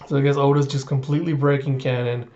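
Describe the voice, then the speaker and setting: A man's voice: medium pitch, level tone, quick pace, a little mellow, highs cut off. A man casually retelling a comic chapter and quoting its characters as he reviews it. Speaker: manga reaction reviewer.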